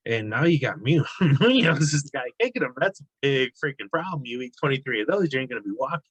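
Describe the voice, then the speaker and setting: A man breaks down fight bets in a loose, conversational way, often restarting his sentences and dropping fillers. His voice sits at an ordinary pitch, and the recording is dry and close, with no room sound. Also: big pitch swings, fast, a bit bright, slightly rough, no room sound, poor audio. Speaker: sports betting analyst. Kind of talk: casual sports betting analysis.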